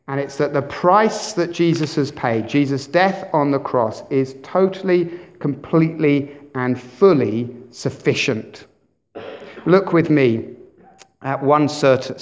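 A man preaching a sermon as pastor, animated, with big swings in loudness and questions put to the congregation. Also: medium pitch. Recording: dull lo-fi sermon recording.

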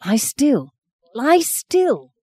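Woman doing a curt young husband in a read-aloud novel, bossy and impatient, lines clipped short, in a dry close recording with a darker mellow voice. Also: sits high, big pitch swings, very slow, husky, no echo, pitched above the performer's own voice, heavily acted. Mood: harsh, impatient. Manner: curt, brusque and commanding. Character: blunt young adult man, impatient husband.

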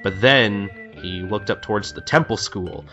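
A man co-hosting a podcast casually recaps a manga, retelling scenes with quick voiced quotes and lots of ums and uhs. His voice is lowish, the highs are cut off, and music plays in the background.

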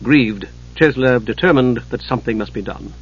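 A man narrating a myth in a measured, deliberate storybook style. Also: mid-range voice, slightly rough, muffled recording.

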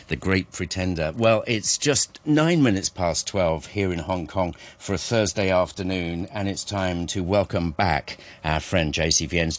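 A man hosting a radio show in an upbeat, chatty, teasing way. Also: low voice. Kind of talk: casual radio chat.

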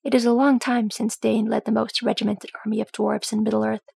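A woman reading a fantasy story aloud in a calm, measured narrating voice. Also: on the high side, creaky, husky, no echo. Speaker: audiobook reader.

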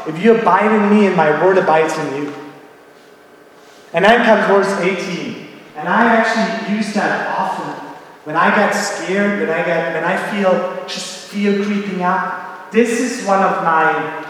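A man's voice: high-pitched, fairly bright tone. A man preaching a sermon as pastor, earnest and personal, acting out little bits of dialogue. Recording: echoey hall, distant mic.

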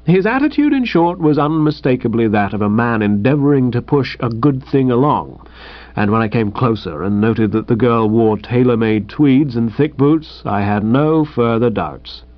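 A man's voice: mid-range voice, lively intonation, moderate pace, dry recording, dull audio. A man narrating a comic novel in a jaunty, upper-class storytelling manner. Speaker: audiobook narrator.

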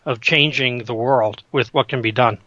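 A man co-hosting a podcast in casual chat, thoughtful and halting as he searches for words. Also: mid-range voice, steady tone, bright, forceful tone, no room sound, highs cut off. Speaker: podcast co-host. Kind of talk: casual chat, TV episode discussion.

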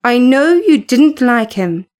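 A woman's voice: a little high, very animated, slow, a little mellow. A woman reading the part of an impulsive young wife who speaks carelessly and breathlessly, in a storybook reading.

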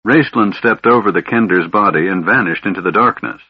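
A man reads fantasy prose aloud in a measured, somber manner. His voice is very deep and husky. The recording is dry and dull, like a lo-fi audiobook. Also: dry recording. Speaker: audiobook narrator. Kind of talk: scripted narration.

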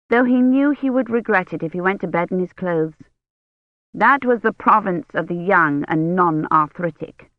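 An audiobook narrator reading a novel in a steady, even way, in a dull, dry recording. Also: medium pitch, no echo. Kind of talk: scripted narration.

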